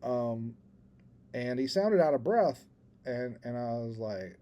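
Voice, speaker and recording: A man's voice: on the high side, sing-song, normal speed, mellow, lo-fi sound. A man co-hosting a podcast, telling a rambling, self-deprecating story in casual chat and laughing at himself. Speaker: podcast co-host.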